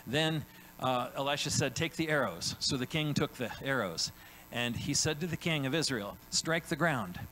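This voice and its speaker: This pastor's medium-pitched voice is expressive, pushed and bright as he preaches in a conversational style. He often asks "right?" and briefly voices the biblical figures in his story. Slight background noise and poor audio mark the recording.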